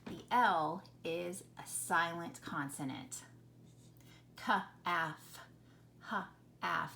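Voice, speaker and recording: A woman teaching a phonics lesson to children, patient and questioning, sounding out each word slowly. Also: medium pitch, creaky, a bit bright, slight background noise.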